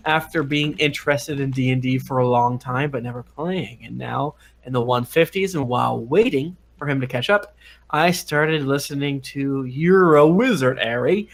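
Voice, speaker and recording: A man hosting a podcast stream, reading listener reviews aloud in a jokey, halting way with many fillers. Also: medium pitch. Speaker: podcast host.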